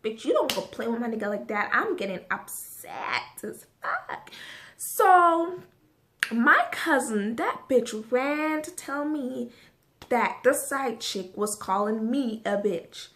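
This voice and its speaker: Woman vlogger, fairly high voice, animated and profane story-time delivery, talking straight to camera. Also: slow.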